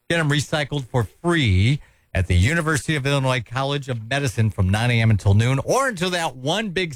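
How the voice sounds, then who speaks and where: A man hosting a morning radio show, chatting upbeat and reading local listings briskly into a studio microphone. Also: on the high side, no room sound. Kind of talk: casual radio chat and announcements.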